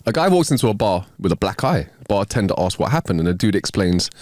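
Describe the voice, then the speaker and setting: A man's voice: on the low side, a little fast, few pauses, dry recording, studio quality. A man, co-hosting a podcast, reading jokes aloud and laughing between them. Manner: animated, laughs a lot while reading jokes. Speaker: podcast co-host. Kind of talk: casual joke-telling chat.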